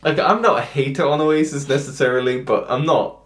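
A man's voice: medium pitch, fairly bright tone. Man, podcast host, casual chat, self-deprecating, home room, roomy sound. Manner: chatty, self-deprecating, quick asides. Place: home room, shared with guest.

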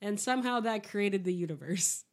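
A woman chats casually on a podcast while sick, her voice husky. She rambles, hesitates and pokes fun at herself. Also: medium pitch, moderate pace. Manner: hesitant, self-deprecating, rambling. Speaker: podcast co-host. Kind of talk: casual chat.

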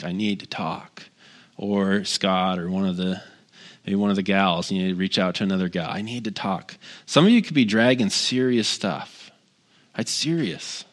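This guest pastor, a man in his thirties, preaches a conversational sermon at normal speed in a lowish voice. He addresses the congregation directly, tossing in asides and earnestly repeating key phrases to drive them home.

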